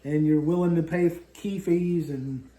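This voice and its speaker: Fifties man, folksy rambling vlog co-host, high-ish but mellow voice, echoey room. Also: steady tone, normal speed. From southern West Virginia. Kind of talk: casual chat.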